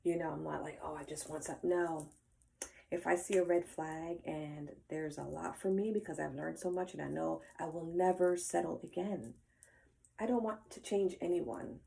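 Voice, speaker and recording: Low gravelly older woman, heartfelt. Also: normal speed. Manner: earnest, emotional, with frequent fillers and soft trailing asides. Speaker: vlogger. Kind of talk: personal reflective monologue.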